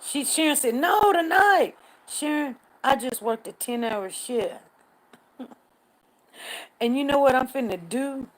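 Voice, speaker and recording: A woman's voice: high-pitched, a little slow, pauses often, low-quality recording. An older woman speaking hosts a casual livestream, chatting with viewers and answering their comments by name. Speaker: livestream news host. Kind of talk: casual live chat reading comments.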